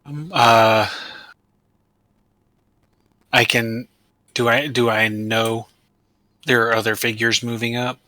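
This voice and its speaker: A man taking part in a tabletop game, talking tentatively. His delivery is very flat, his tone strikingly sharp and bright, and the sound is dry and close. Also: medium pitch, slow, long pauses, no echo, rough recording. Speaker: player.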